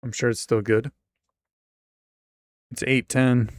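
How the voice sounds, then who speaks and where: A man's voice: mid-range voice, little pitch movement, slow pace, no echo. A male streamer telling a rambling, profane comic story in an offhand way.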